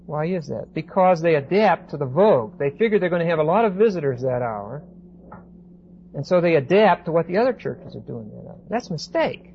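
A man giving a Bible class lecture, reading verses slowly with emphasis and then explaining them in casual asides. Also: fairly high pitch, animated, vocal fry. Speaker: Bible teacher. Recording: dull lo-fi recording with faint hiss.

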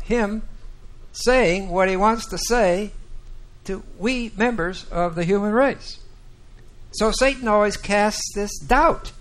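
Slow, emphatic male Bible teacher. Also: high-pitched. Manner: deliberate, emphatic, questions the class.

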